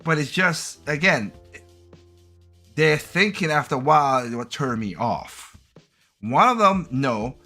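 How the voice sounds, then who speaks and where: A man in his late thirties co-hosting a podcast, talking in a laid-back, rambling way with halting restarts. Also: on the high side, lively intonation, sharp tone, soft background music. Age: 30s. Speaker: podcast co-host. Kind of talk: casual podcast chat.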